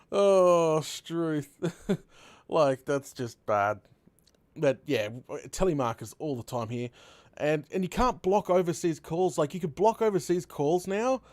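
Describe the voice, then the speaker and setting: An Australian man in his young adult years chats casually on a live stream, telling animated stories and laughing often. His voice sits a little high and sounds close and dry, with no room echo. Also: slow pace. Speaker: host streamer.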